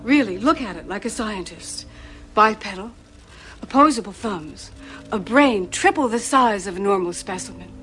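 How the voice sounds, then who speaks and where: A man's voice: high-pitched, lively intonation, moderate pace, bright, forceful tone, faint music behind, voice pushed up. A man voicing an earnest female scientist who is proud of her lab rats, talking in an insistent, lecturing way.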